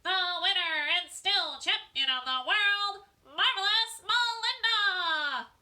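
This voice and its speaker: A woman voicing a loud, teasing schoolgirl who mocks and giggles. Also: lively intonation, a little slow, exaggerated voice. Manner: shrill, mocking, giggly.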